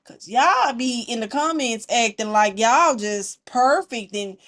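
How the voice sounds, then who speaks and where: Animated high-voiced woman vlogger. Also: measured pace. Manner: animated, talks straight to the audience. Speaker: story-time reaction vlogger. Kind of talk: casual chat to viewers.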